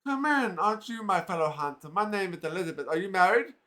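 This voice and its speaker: A man's voice: high voice, expressive, fast talker, sharp tone. A man reading the lines of a gushing, nonstop-talking middle-aged woman from a role-playing game. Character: chattering middle-aged matchmaking woman, endless talker.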